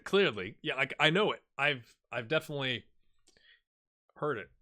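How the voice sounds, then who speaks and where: Bright, chatty man in his forties. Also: mid-range voice, lively intonation, moderate pace. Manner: rambling, self-deprecating, chatty. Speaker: gaming YouTuber. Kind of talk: casual let's-play commentary.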